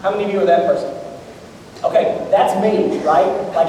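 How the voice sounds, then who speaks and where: Recorded from a distance in a big, echoing church auditorium, with a bit of hiss or hum, a man preaches in a high voice at a slightly fast pace. As pastor, he addresses the congregation directly, joking and storytelling along the way.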